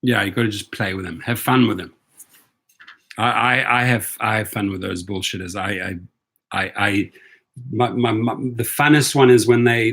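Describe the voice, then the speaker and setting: A man's voice: on the low side, a bit bright. A man hosting a casual livestream, talking emphatically and asking rhetorical questions. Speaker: rideshare channel host.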